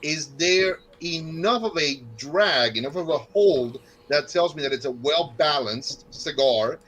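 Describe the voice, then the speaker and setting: Bright, animated North Carolina man. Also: a little high, measured pace, a little hiss or hum, poor audio. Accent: North Carolina Southern. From North Carolina, USA. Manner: animated storyteller, quotes people in voices. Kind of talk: casual podcast chat.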